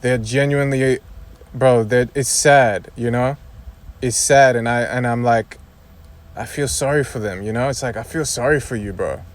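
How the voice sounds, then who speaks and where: A man's voice: medium pitch, moderate pace. A young man ranting casually to his viewers, exasperated and rambling, repeating himself and swearing. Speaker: YouTuber. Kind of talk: casual rant to camera.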